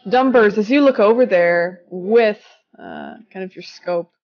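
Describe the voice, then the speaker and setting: A woman's voice: mid-range voice, sing-song, measured pace, creaky, highs cut off. A woman game master narrating a pirate tabletop game in an easygoing, chatty way. She laughs often and swears casually as she runs the scene.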